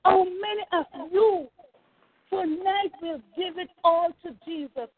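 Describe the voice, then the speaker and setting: Her voice is very high and her pace measured, with no room sound. A woman pastor gives a fervent sermon over a tinny phone line, repeating phrases and shouting praise.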